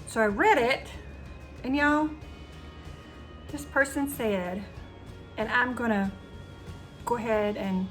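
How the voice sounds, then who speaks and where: With soft music playing behind her, a cooking-channel host from the Southern United States talks slowly to camera, leaving long pauses. Her voice is on the high side, and she's chatty and emotional, using "y'all" constantly.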